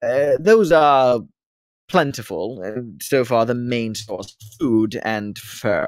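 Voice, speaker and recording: A man's voice: mid-range voice, slow, no echo, lightly acted. A man voicing a rambling male former slave who became a wealthy slave-owner, speaking formally in a put-on British accent during a tabletop game. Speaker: non-player character. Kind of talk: tabletop role-play voicing.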